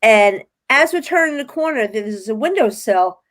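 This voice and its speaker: A fairly high-pitched woman speaks at a moderate pace as a guest medium on a casual podcast interview. Animated as she tells her experiences, she acts out what people said and voices her own quotes.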